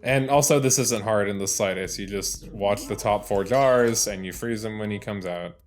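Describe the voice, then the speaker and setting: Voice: deep voice, moderate pace. A let's player giving casual gameplay commentary, rambling, restarting and swearing as things happen on screen.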